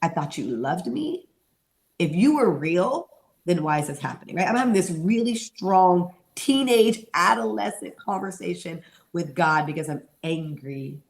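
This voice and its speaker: A woman's voice: lowish voice, normal speed. A middle-aged woman giving an earnest personal testimony in an interview, acting out the voices she remembers. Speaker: interview guest, mentor and therapist.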